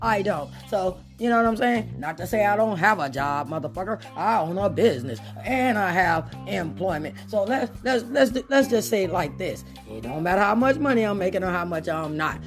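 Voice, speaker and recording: A woman hosting a podcast in casual chat, loud and profane, laughing often as she talks. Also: medium pitch, expressive, moderate pace, hardly any pauses, soft background music. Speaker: podcast host.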